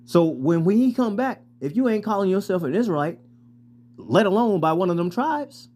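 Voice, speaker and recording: A man casually preaching and reading scripture aloud, with profane, street-style, animated talk. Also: high-pitched, normal speed. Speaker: scripture teacher.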